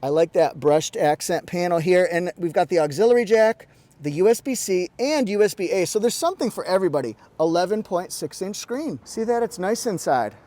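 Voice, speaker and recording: A man's voice: sits high, expressive, fairly quick, dark tone. A man giving a casual, jokey walkaround review from inside a parked car, talking into a lapel mic. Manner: chatty, quirky, jokey asides. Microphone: lapel mic pack.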